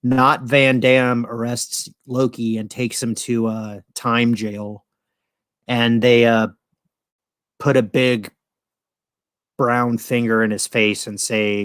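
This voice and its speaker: A man's voice: medium pitch, steady tone, a little slow, a bit bright, dry recording. A middle-aged man hosting a casual live stream, rambling and jokey with crude language. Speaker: host.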